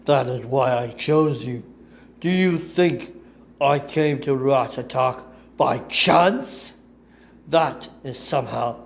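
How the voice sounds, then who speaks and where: A man voicing a cold, taunting elderly male Sith master who speaks in a measured, commanding way in a fan audiobook reading. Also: a little high, vocal fry, a little hiss or hum.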